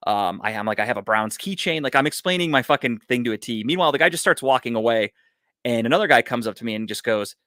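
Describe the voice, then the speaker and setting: A man's voice: mid-range voice, fast talker, dry recording, studio quality. A man telling a long story on a casual podcast, swearing a lot and acting out what everyone said. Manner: profane, animated storyteller. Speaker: podcast co-host.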